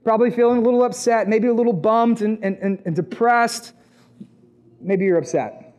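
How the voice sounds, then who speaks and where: A man, perhaps in his twenties, preaching a sermon with a personal testimony, talking conversationally and rising to loud, emphatic peaks. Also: high voice, moderate pace. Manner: conversational, acts out quoted voices, rises to loud emphatic peaks.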